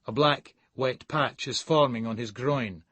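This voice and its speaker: A man's voice: medium pitch, measured pace, fairly bright tone, no echo. A man with a Scottish accent reading a gritty first-person novel in a sardonic storytelling manner. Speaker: audiobook narrator.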